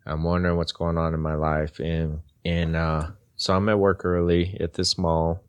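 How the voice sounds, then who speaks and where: A man in his forties, a podcast guest, telling a personal story in a halting, earnest way that often repeats and restarts words. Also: low voice, flat delivery, clear, resonant tone, no echo.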